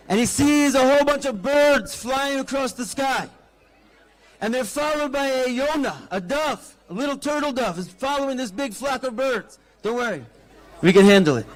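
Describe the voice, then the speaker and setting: At an outdoor festival, a rabbi delivers a lively address built around storytelling. He has a very high voice and weaves Hebrew terms into what he says.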